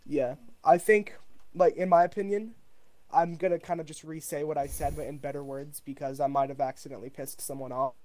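A man's voice: on the high side, steady tone, a little fast, a little mellow, no room sound. A young man hosting a casual gaming podcast, talking loosely with lots of fillers and restarts. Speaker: podcast host.

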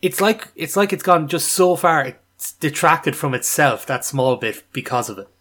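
A man's voice: a little high, lively intonation, moderate pace, fairly bright tone. A man, joking and laughing in a casual podcast chat. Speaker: podcast co-host.

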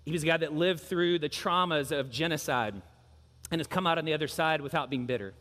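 Bright-voiced male pastor preaching in a hall. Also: on the high side, brisk. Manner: earnest, emphatic preaching with repeated phrases. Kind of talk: sermon.

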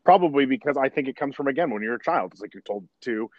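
A man, a stage actor, chatting as a podcast guest and telling stories in an animated way, often correcting himself as he goes. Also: mid-range voice, fast, dry recording, dull audio. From United States. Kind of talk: casual podcast conversation.

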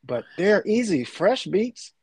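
A man's voice: sits high, very animated, slow pace, breathy edge, no echo. A middle-aged man in a casual chat, talking with rambling enthusiasm. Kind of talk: casual chat about food.

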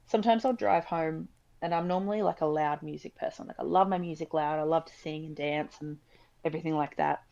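A young woman with a low voice and a gravelly edge to it talks casually, dropping in plenty of likes and ums. The audio sounds dull and lo-fi. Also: fairly even intonation, a little fast, warm tone. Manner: chatty, frequent likes and ums. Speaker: emergency department nurse. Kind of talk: casual podcast chat.

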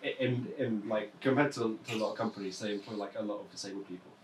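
A man's voice: lowish voice, distant mic. A man on a podcast, joking crudely and trailing off, with many restarts. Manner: halting, restarts, trails off quietly. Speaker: podcast co-host. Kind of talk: crude casual banter. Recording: roomy sound from off-mic with chatter behind.

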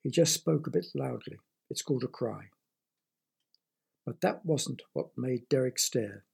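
A man's voice: mid-range voice, animated, unhurried, creaky, darkish tone, breathy edge. A man reading a children's story aloud, with playful asides to the listener.

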